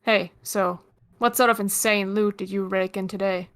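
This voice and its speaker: Woman voicing a cocky teen boy, webcomic chat read aloud, sardonic, flat. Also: mid-range voice, normal speed, smooth, natural voice.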